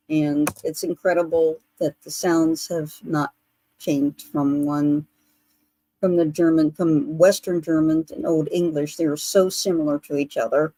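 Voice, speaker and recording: A woman psychic medium giving a spiritual rune reading on a livestream, explaining steadily with filler pauses. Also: low voice, mellow, no echo, poor audio.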